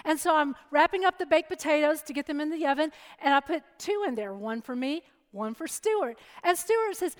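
A middle-aged woman preacher giving a sermon and telling a personal story in a lively, chatty way. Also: high-pitched, moderate pace, hardly any pauses. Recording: long hall reverb.

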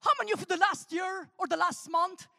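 Woman guest preacher, gravelly edge, playful with the congregation, reverberant church hall. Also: very high-pitched, brisk. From Armenia. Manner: humorous, animated, calls out to the congregation. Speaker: guest speaker. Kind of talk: sermon with testimony.

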